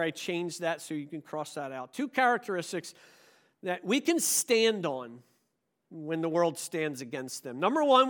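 A man preaching a sermon, emphatic and animated, leading his congregation in call-and-response. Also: sits high. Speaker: pastor.

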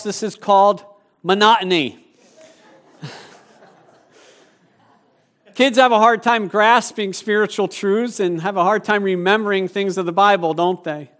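A male pastor delivers a sermon in a loose, joking way and often stumbles over his words as he gets going. His voice is high for a man. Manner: joking, conversational, stammers when excited.

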